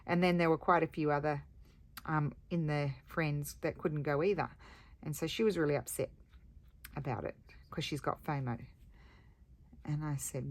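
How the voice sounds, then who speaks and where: Low-voiced chatty woman crafting. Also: steady tone, normal speed, long pauses. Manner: chatty, rambling, homely. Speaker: craft video host. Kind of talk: casual chat while crafting.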